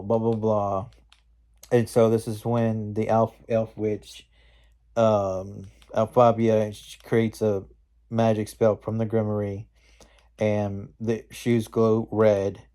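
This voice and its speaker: A man's voice: on the low side, little pitch movement, slow pace, dark tone. A man casually recapping a movie scene by scene, rambling and slangy with lots of fillers. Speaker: movie reviewer.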